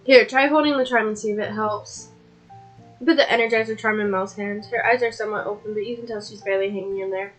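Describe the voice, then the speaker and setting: A woman streamer who is sick and sounds rough, casually reading a game's narration and characters aloud with chatty asides. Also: medium pitch, steady tone, quick pace, soft background music, poor audio. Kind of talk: live-streamed game reading.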